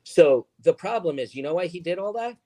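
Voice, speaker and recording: A man's voice: high voice, expressive, brisk, mellow. A man talking as a podcast guest, emphatic and rambling with lots of fillers. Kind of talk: casual chat.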